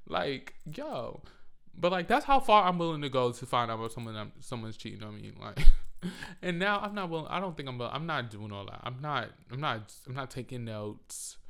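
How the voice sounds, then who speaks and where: A man's voice: medium pitch, very animated, moderate pace, gravelly, fairly bright tone, smooth. A man telling a rambling, profane story in a casual monologue on a handheld mic.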